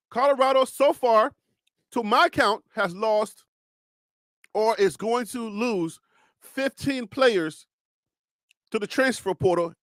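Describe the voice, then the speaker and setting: Guy hosting a sports talk stream, higher voice, dry close sound, calm preachy rhythm, repeats himself a lot. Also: no echo. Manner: calm, reassuring, preacher-like cadence; repeats and restarts phrases. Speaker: sports show host. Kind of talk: live sports talk show.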